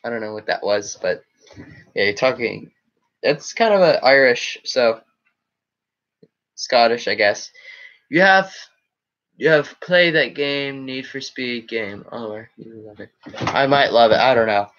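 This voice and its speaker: A man's voice: medium pitch, animated, a little slow, pauses often, fairly bright tone, dull audio. A man chatting casually on a live stream, rambling as he reacts to chat comments. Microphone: webcam setup.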